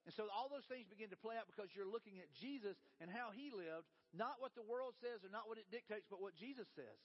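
A man preaching a sermon as a pastor, with a folksy storytelling manner, sinking into a soft, low voice for quotes. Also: animated, a little fast. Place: church sanctuary. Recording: dull reverberant church hall.

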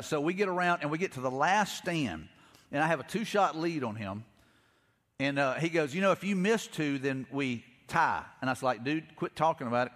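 Middle-aged preacher, rapid storyteller with a slightly high voice, recorded live with long hall reverb. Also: male voice, a bit bright. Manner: storytelling, acts out quotes, frequent repeats. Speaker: pastor. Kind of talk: conversational sermon.

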